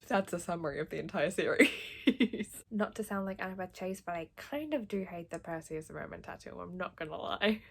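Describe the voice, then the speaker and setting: A young Australian woman casually reading a book aloud and reacting, gushing excitedly with frequent laughter and casual swearing. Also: on the low side, normal speed, vocal fry, husky. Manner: laughs often. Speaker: book vlogger.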